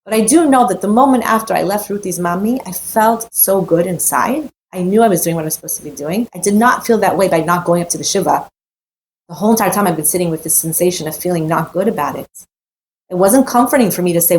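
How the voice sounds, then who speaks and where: A woman's voice: mid-range voice, brisk, a little mellow, slight background noise. A woman giving a heartfelt, emphatic personal Torah talk, repeating phrases and mixing in Hebrew terms. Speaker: Torah teacher.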